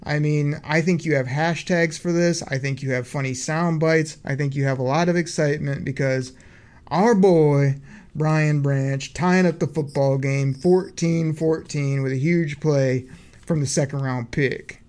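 Male podcast host, slightly high voice, hyped play-by-play recap style. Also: steady tone, measured pace, darkish tone. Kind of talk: casual sports podcast chat.

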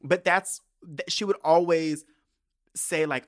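A man hosting a solo podcast, ranting in a sassy, profane, casual way with big swings in pitch and loudness. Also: expressive, moderate pace. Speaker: podcast host.

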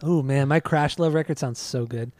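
This is a man hosting a casual podcast in a relaxed, easygoing way, steering the chat back to the topic. His pitch is mid-range and the recording is dry. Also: normal speed, no room sound. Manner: easygoing, keeps the talk moving. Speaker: podcast host.

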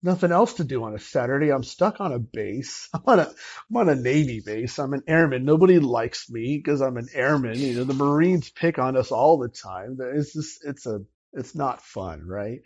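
An interview guest, a man, tells a personal story in an animated way and acts out the people in it. His voice is mid-pitched. The recording sounds slightly dull and lo-fi. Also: normal speed, husky.

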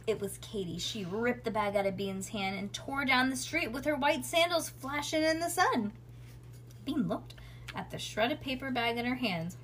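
Brightish woman voice, lively bedtime-story reading, faint noise. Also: high-pitched, moderate pace. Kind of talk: reading a children's book aloud.

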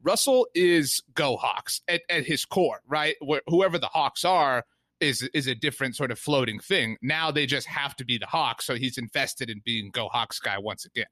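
A man's voice: medium pitch, moderate pace, bright, forceful tone, dry recording. A man co-hosting a sports podcast in a rambling, casual way with many fillers. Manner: rambling, many fillers, mimics players in quotes. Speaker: podcast co-host.

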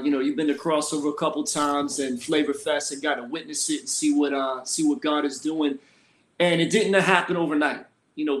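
A middle-aged man from Philadelphia, a senior pastor and guest, telling his story in a relaxed, colloquial way. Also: on the high side. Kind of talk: casual conversational storytelling. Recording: roomy echoey sound.

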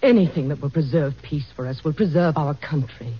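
A woman's voice: sits low, brisk, slight background noise, close to an everyday voice. A woman playing an earnest, persuasive first lady in a vintage radio drama. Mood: pleading. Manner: earnest, gently insistent. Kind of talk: 1940s radio acting. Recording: dull old radio recording.

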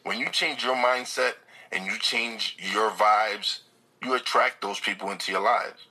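A man with a low, husky voice talks earnestly in a casual chat. His tone is bright and pressed, and he sits right up on a dynamic mic, often repeating words as he restarts. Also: measured pace, rough recording. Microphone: close dynamic mic.

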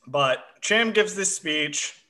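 A man's voice: high-pitched, expressive, takes it slowly, sharp tone. A man co-hosting a casual show, chatting about an episode with plenty of fillers. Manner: chatty, self-described history nerd, frequent uh fillers. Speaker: podcast co-host. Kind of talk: casual chat.

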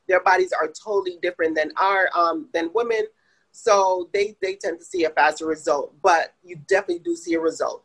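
A woman's voice: fairly low pitch, husky, poor audio. A woman with a Jamaican accent, a spa owner answering interview questions plainly, with many fillers. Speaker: day spa owner, guest.

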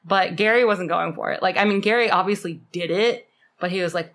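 A woman's voice: medium pitch, normal speed, fairly bright tone. A young woman co-hosting a podcast, telling a true-crime story in a chatty, casual way, full of fillers and the odd swear word. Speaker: podcast co-host.

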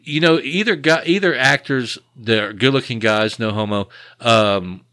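A man's voice: medium pitch, measured pace, bright, forceful tone, no room sound. A man co-hosting a podcast, trading crude jokes in rambling casual banter.

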